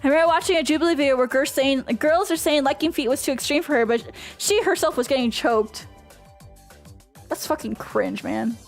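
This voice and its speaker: A woman's voice: sits high, a little fast, soft background music. A woman streamer in casual Q&A chat, ranting passionately and swearing freely. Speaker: VTuber streamer.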